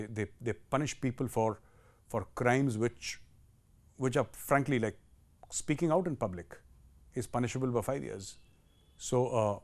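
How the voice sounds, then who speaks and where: A man's voice: mid-range voice, darkish tone. Brief: middle-aged male host, combative op-ed delivery, mid-range voice. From India. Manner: combative, rhetorical, addressing Pakistan directly. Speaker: show host. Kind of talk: opinion commentary.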